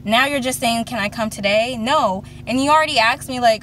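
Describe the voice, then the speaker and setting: A woman's voice: fairly high pitch, a little fast, a bit bright, slight background noise. A woman in her twenties vlogging from a parked car, telling a long story and acting out the voices of the people in it. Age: 20s. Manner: chatty storytelling, acts out quoted voices. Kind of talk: casual chat.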